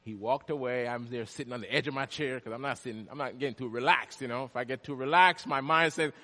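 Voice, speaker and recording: A man preaching a storytelling sermon, swinging from loud, high bursts to hushed asides. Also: fast talker. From Jamaica. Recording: long hall reverb.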